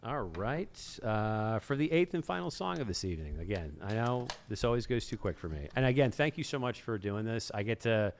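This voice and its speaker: Low-voiced man gushing thanks as host. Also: very animated, fairly quick, hardly any pauses, a little hiss or hum. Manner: gushing, rambling, repeats his thanks. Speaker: host of a live music show. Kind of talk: warm, effusive host talk.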